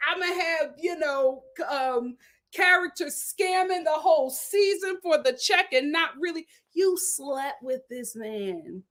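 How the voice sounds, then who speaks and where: A woman hosting a live-stream recap of a reality show, talking in a dramatic, animated way and laughing often. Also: high-pitched, unhurried. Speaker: reality TV review host.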